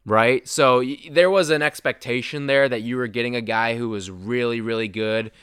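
A young man hosting a casual sports talk show, animated and excitable, his voice jumping up when he gets worked up. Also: mid-range voice, moderate pace, clean tone, no room sound, studio quality.

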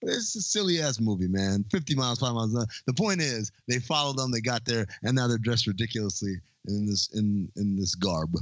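A man co-hosting a podcast in casual chat, animated and joking, swearing offhandedly. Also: on the low side, brisk, few pauses, no echo, lo-fi sound. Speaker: podcast co-host.

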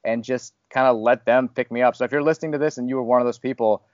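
A man's voice: medium pitch, fairly even intonation, fast talker, darkish tone, dry recording, lo-fi sound. A man hosting a casual podcast, talking candidly and rambling a little, with self-deprecating humor. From Louisville, Kentucky area. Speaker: podcast host, fired radio host.

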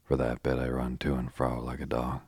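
Guy reading a joking adventurer dude, low gravelly-husky voice, dead dry sound. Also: monotone, a little fast, darkish tone, dry recording. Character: wry young adventurer man, flippant tour guide.

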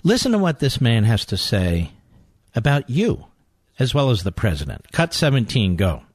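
A man hosting a talk radio show, delivering a combative monologue full of sarcastic insults, growing loud and heated. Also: mid-range voice, huge pitch swings, moderate pace, breathy edge, no echo. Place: radio studio. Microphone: studio microphone.

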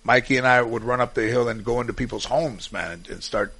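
Chatting as a guest, a man tells rambling golf anecdotes full of restarts and fillers in casual storytelling. His medium-pitched voice is quick, pushed and bright, with a breathy edge.

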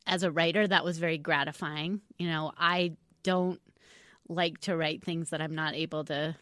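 A woman with a slightly low voice talks about her writing in a relaxed interview. She hesitates and restarts often but stays earnest. The sound is dry and close. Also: normal speed, dry recording. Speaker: author being interviewed. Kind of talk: casual interview talk.

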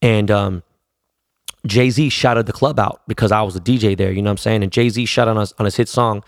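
Gravelly, profane man telling stories. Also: fairly low pitch, steady tone, brisk, dry recording, clean studio sound. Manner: profane, rambling, slangy storytelling. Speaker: podcast host telling stories. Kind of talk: casual storytelling.

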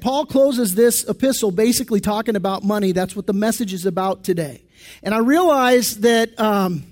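A man with a very high voice preaches a sermon in a church. He talks conversationally, with restarts and asides to the congregation, as their pastor. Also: darkish tone.

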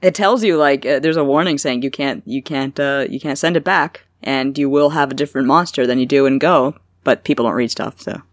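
A woman co-hosting a gaming podcast, relaxed, informative and matter-of-fact as she gives her review. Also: rumbling low, brisk, hardly any pauses, no echo, clean studio sound. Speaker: podcast co-host, game reviewer. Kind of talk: casual podcast chat.

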